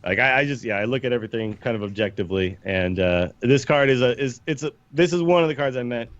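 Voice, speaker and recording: A man's voice: animated, quick pace, dry recording. Chatty man on a dull, dry mic. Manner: chatty, pragmatic, acts out quotes in a higher voice. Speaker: podcast co-host. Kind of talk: casual chat.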